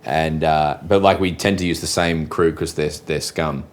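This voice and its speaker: Deep-voiced rambling Australian man. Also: fairly even intonation, moderate pace. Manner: rambling, sweary storytelling. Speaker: comedian. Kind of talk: casual chat.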